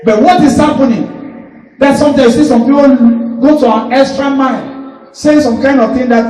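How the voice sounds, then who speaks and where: A man's voice: very high-pitched, moderate pace, dark tone, faint music behind. A man preaching a sermon as pastor, emphatic and prompting the congregation to answer. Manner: emphatic call-and-response preaching, prompting replies. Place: church service. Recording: echoey church hall, distant mic, faint noise.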